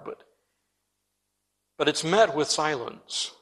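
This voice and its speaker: A man preaching with an earnest, emphatic delivery, speaking straight to his congregation. His voice sits a little high for a man. A long reverb trails each phrase, as in a large church. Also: normal speed, a bit bright. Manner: addresses listeners directly. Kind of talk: expository sermon.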